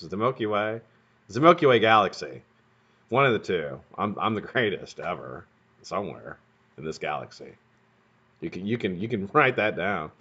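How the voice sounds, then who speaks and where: A man hosting a live stream from home, talking in a low voice that swings widely in pitch. He banters casually, swears freely and brags in jest. The audio is dull and lo-fi. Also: very animated, fairly quick, bright, forceful tone. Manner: profane, joking, boastful banter.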